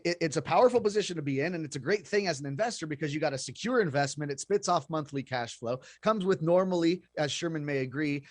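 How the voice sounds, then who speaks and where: Chatty male talk-show host, slightly high. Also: no room sound, studio quality. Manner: chatty, repeats words, addresses folks. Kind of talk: explaining investing to listeners.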